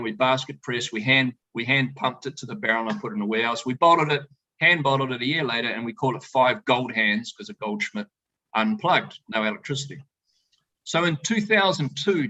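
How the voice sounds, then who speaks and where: A middle-aged man, a winemaker, telling animated, joking stories to a tasting audience over a video call. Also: medium pitch, rough recording. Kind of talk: storytelling talk to a tasting audience. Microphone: video call presentation.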